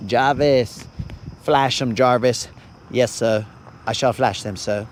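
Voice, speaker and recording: A man's voice: mid-range voice, fairly even intonation, slow pace, slight background noise. A man hosting a fishing livestream, joking and rambling in slangy casual chat from a boat outdoors.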